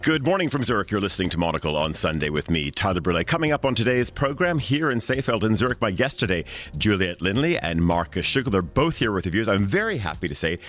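A man hosts a live radio show in a low voice that rises and falls a lot. He talks fast and keeps the chat playful, laughing along with his guests. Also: very animated, a bit bright, faint music behind. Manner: brisk, playful, laughs easily. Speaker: radio host.

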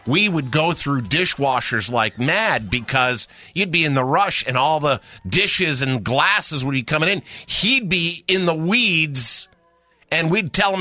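A male radio host taking calls and telling a story from his restaurant days in a chatty, animated way. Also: a little high, measured pace, no room sound, faint music behind. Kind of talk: call-in radio show hosting.

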